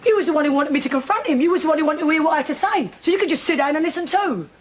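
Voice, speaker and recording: Brief: a distraught woman in her thirties, high-pitched, biting and raw, for a TV drama. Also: lively intonation, rapid-fire, a little hiss or hum, low-quality recording. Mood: furious. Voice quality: bitter, sarcastic, then breaking down. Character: angry distraught East End woman confronting her attacker. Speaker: victim confronting attacker. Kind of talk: television soap drama acting.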